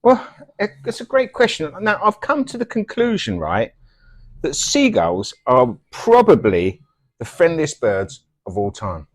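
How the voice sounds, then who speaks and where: A middle-aged man riffs through comic banter with a straight, mock-serious face and plenty of swearing. His voice sits a little high for a man and swings widely up and down. He plays it dry and earnest. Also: wildly swooping pitch, a little slow. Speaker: comedy double act host.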